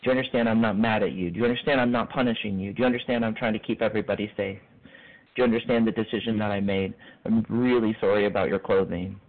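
A man's voice: on the low side, fairly even intonation, fast. A school administrator, a man, sharing personal stories in an earnest, reflective way. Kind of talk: personal testimony. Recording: tinny phone-like line.

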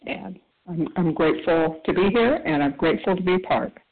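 A woman with a gravelly voice shares at a recovery meeting, talking softly and haltingly with long pauses. Her voice comes through a tinny phone line. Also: lowish voice. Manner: soft, halting, with many pauses. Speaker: meeting member sharing. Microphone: phone call.

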